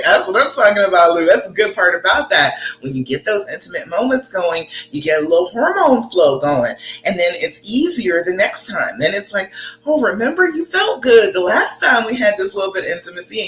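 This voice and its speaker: A woman relationship coach chatting live with viewers, greeting them by name and reading out their comments, her voice leaping up high when she gets excited. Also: roomy sound, a little hiss or hum, poor audio. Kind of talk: live-stream chat answering viewers.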